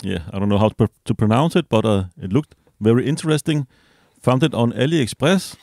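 A man casually reviewing a small gadget as he unboxes it, relaxed and hesitant, with fillers and self-corrections. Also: medium pitch, a little fast, vocal fry, no room sound, clean studio sound. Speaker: product reviewer.

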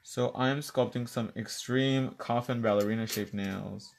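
A man with a gravelly, creaky voice runs a live-stream nail tutorial. He talks through each step in a playful, bantering way and tosses in Spanish greetings. His pitch sits in the middle of the male range. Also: fairly even intonation, unhurried.

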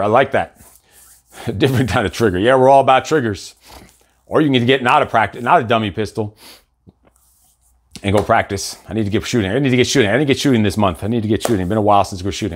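A man's voice: fairly low pitch, fast, slight background noise. A middle-aged man hosting a live motivational show, talking in a blunt, profane, intense way. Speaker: coach and show host.

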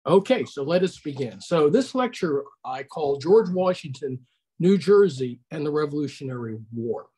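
A man's voice: fairly high pitch, animated, moderate pace, dark tone, breathy edge. An older man giving a conversational online history lecture over a video call, putting questions to his audience.

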